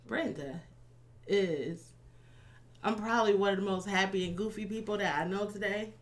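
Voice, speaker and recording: A woman's voice: medium pitch, unhurried, pauses often. A woman in her thirties, a life coach, speaking candidly as a podcast guest about her past, often laughing. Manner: open, candid storytelling with frequent laughs. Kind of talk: candid personal interview.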